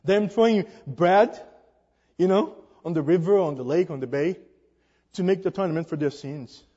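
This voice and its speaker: A man preaches with a high voice, emphatic and prone to halting fillers. His voice climbs on each rhetorical question. The recording is dull and sits in long hall reverb. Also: warm tone. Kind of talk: sermon.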